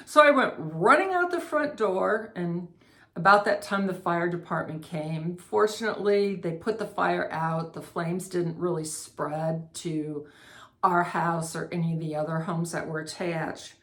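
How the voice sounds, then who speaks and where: A middle-aged woman with a somewhat low voice talks through a candle haul in a relaxed, chatty way. She reads out scent notes and drifts into a personal story. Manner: chatty, unhurried, savoring each scent aloud. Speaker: candle reviewer. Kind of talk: casual product review and storytelling.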